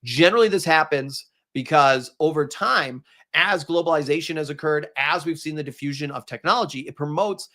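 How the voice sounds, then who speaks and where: A man's voice: fairly high pitch, fairly quick. Upbeat Minnesotan man teaching a livestream. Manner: casual, chatty, energetic, talks straight to the viewers. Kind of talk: live exam review stream.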